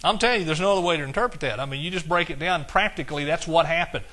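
Man, East Texas accent, middle-aged pastor, bright forceful tone, fairly high voice, folksy sermon. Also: rapid-fire. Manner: folksy, exclaiming, quoting scripture in King James style.

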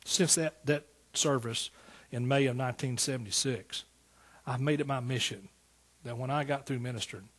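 Husky-voiced preacher in his sixties. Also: medium pitch, moderate pace. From East Texas. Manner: folksy, storytelling, rising to emphatic praise. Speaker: pastor. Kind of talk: sermon.

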